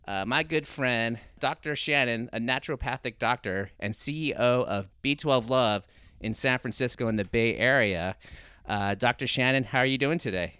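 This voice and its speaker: A man hosting a podcast who chats casually and keeps asking his guests questions. He has a mid-pitched voice, and the sound is close and dry. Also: sharp tone, clean tone, dry recording. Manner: conversational, prompting questions. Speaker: podcast host. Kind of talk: casual interview chat.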